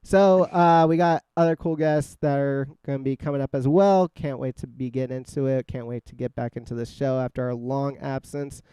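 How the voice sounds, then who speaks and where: A man's voice: mid-range voice, fairly even intonation, normal speed, hardly any pauses, warm tone, clear, resonant tone, no echo. A man hosting a podcast in casual chat, joking and swearing easily as he reads out quiz questions. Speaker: podcast host. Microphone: scarf-wrapped microphone.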